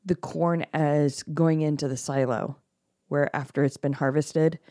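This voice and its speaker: A middle-aged woman co-hosting a casual podcast over wine, animated and quick to laugh. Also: deep voice. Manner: animated, laughs often, bursts of excitement. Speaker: podcast co-host.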